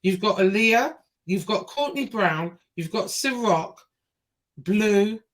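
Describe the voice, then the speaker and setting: Female streamer host, slow and halting, reads posts aloud. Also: medium pitch, expressive. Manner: halting, many fillers and pauses. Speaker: show host. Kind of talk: livestream interview.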